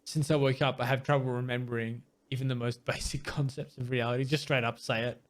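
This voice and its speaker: A let's play host reads game dialogue aloud plainly, breaking in with wry asides and sometimes tripping over difficult words. He talks fairly quickly in a medium pitch with little pitch movement.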